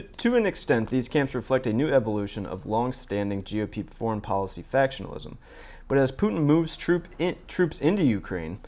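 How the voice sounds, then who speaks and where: A man's voice: medium pitch, a little mellow. A man hosting casual political commentary, reading articles and quotes aloud in his own plain voice with sardonic asides. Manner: frequent fillers and restarts, asides.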